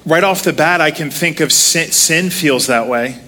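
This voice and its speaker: A man in his thirties delivers a relaxed, conversational sermon, seated and full of self-deprecating jokes. His voice is bright and slightly high, and he tells stories casually. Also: normal speed. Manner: self-deprecating, joking storyteller. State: walking with a limp, sitting to preach. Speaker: preacher.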